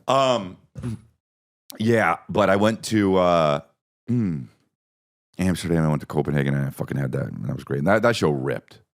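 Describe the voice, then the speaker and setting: A low-pitched man with a gravelly edge hosts a podcast in a loose comedic monologue. He swears freely and rambles, leaning on repeated bits. His pitch swings widely from line to line. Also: expressive, normal speed, pauses often. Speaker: podcast host.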